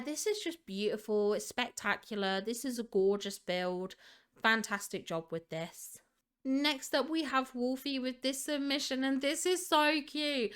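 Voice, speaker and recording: A woman's voice: on the high side, fairly bright tone, smooth. A woman hosting a gaming channel, gushing in casual commentary over fan screenshots with a lot of "like" fillers. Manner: gushing, enthusiastic, leans on filler "like".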